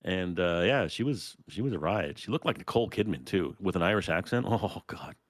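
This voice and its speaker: A man's voice: low voice, expressive, fairly quick, no echo. A man with a Minnesotan accent, a podcast co-host, joking crudely and swearing in casual chat.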